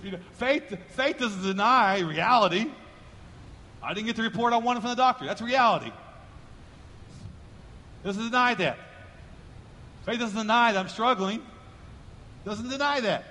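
A man's voice: high-pitched, a little slow, long pauses, sharp tone, in a large hall. A man preaching a sermon as pastor, emphatic and repeating his key phrases as he builds. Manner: emphatic, repeats key phrases, drives lines upward in volume.

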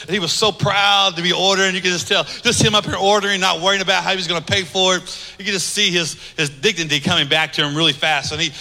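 A man preaching a sermon, driving points home with emphatic repetition and easing into softer storytelling. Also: sits high, fairly even intonation, fast, in a large hall. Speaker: pastor.

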